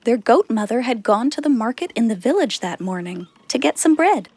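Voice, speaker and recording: A woman narrating a children's fairy tale in a slow, expressive reading. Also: on the high side, slightly rough, no room sound. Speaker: storyteller.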